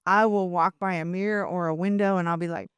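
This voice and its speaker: An older woman, a podcast guest, chatting casually and telling animated stories, acting out other people's voices and laughing often. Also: lowish voice, fast, clear, resonant tone, no room sound. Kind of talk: casual interview talk.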